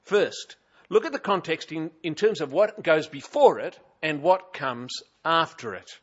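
A man's voice: fairly high pitch, lively intonation, unhurried, husky, lo-fi sound. A man with an Australian accent preaching a sermon in a conversational, wryly humorous way, with frequent hesitations, in a church. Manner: conversational, chatty, with frequent uh fillers and wry humour. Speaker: pastor.

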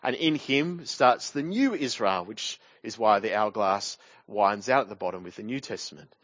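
A man's voice: fairly low pitch, expressive, normal speed, fairly bright tone, no echo, highs cut off. A man preaching a sermon from a church pulpit, walking through a passage and closing his points with rhetorical tag questions.

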